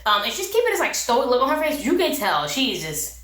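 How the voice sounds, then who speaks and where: Sassy woman recapping tv, kinda high voice, echoey room, a bit off mic. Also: wildly swooping pitch, brisk, a bit bright, slight background noise. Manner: chatty, sassy, laughs often. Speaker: recap vlogger. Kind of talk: casual review chat.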